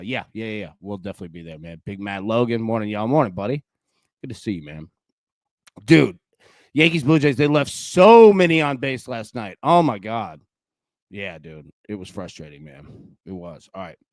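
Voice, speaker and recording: Hosting a live sports-betting show, a young man speaks with a bouncy, up-and-down pitch and an animated, chatty style peppered with "dude" and "man." The recording is close and dry, with no room sound at all.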